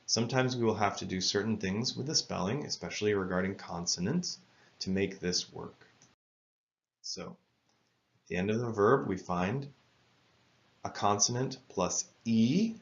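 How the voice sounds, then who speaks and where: A man narrates a careful, measured English lesson on spelling rules, spelling words out letter by letter. His voice is lowish and the sound quality is lo-fi.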